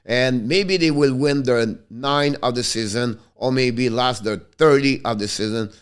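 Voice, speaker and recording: A man hosting a hockey pre-game preview, passionate and quick to get worked up, speaking English with phrasing. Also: mid-range voice, smooth. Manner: passionate, gets worked up and frustrated, non-native English phrasing. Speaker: hockey show host.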